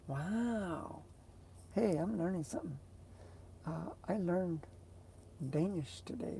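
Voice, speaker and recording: Slow gravelly low-voiced woman. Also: warm tone, a little hiss or hum. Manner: rambling, hesitant, searching for words. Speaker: vlogger. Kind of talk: casual chat to viewers.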